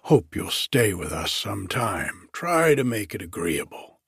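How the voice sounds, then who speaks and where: Obsequious prison cook, male, husky and slow, raised a little in pitch, read by a man. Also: sing-song, dry recording, studio quality, full character voice. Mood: fawning. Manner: obsequious, gossipy, drawn-out.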